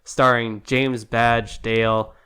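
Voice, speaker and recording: A man's voice: medium pitch, flat delivery, slow pace, bright, forceful tone, clean tone. A man co-hosting a podcast with his twin brother, talking in casual, joking banter and laughing often. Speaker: podcast co-host. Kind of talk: casual chat.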